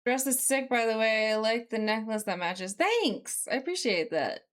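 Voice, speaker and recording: A young woman live streaming as she codes, reading chat aloud and thinking out loud with many fillers. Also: a little high, lively intonation, moderate pace. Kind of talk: casual live-stream chat while coding.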